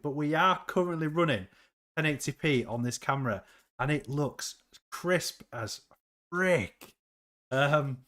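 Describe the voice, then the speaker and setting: A man's voice: medium pitch, fairly bright tone. A man hosting a casual crypto livestream, chatting upbeat and reading viewers' comments aloud.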